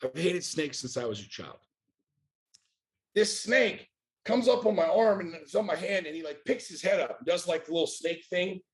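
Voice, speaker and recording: A man's voice: on the high side, lively intonation, normal speed. Blunt, profane man in his forties. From United States. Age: 40s. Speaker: podcast guest. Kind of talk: casual chat.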